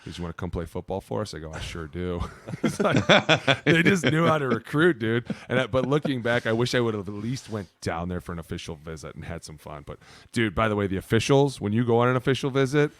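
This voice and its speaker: A man in his thirties, a podcast co-host telling stories in a loose, profane, animated way. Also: medium pitch, fast, few pauses. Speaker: podcast co-host, former player. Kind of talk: casual storytelling chat.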